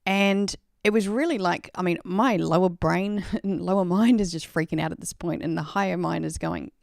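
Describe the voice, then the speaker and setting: Chatty Australian woman, low voice. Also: normal speed, vocal fry, darkish tone, dry recording, studio quality. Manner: rambling and chatty, heavy use of "like" and "you know". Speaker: live stream host. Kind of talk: casual storytelling on a live stream.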